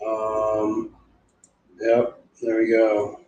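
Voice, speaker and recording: A man's voice: on the low side, completely flat delivery, extremely slow, darkish tone, lo-fi sound. A man streaming live, chatting casually and telling stories in a rambling, profane way. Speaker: livestreamer. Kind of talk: casual livestream chat. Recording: echoey room.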